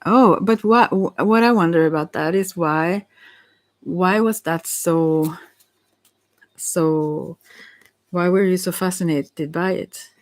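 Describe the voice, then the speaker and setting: A woman with a Swedish accent, speaking English as a second language in a halting, casual chat, often correcting herself and laughing. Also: fairly low pitch. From Sweden. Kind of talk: casual one-sided chat, reading aloud.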